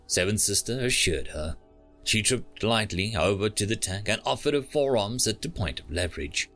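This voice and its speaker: Male storyteller, measured reading, pitch rising and falling freely. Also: animated, a bit bright, faint music behind. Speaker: narrator. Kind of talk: storytelling narration.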